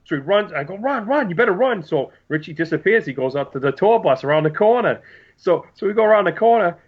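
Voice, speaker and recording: Casual podcast co-host, male, slightly high voice, muffled lo-fi audio, lively anecdote teller. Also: quick pace. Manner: animated storyteller, acts out quotes. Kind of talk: casual chat. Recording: dull lo-fi sound.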